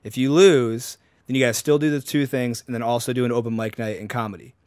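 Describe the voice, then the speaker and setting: A man's voice: medium pitch, steady tone, fast talker, darkish tone, no echo, studio quality. A young man, a guest comedian, telling a rambling story with lots of "like" and laughing often. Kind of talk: casual storytelling.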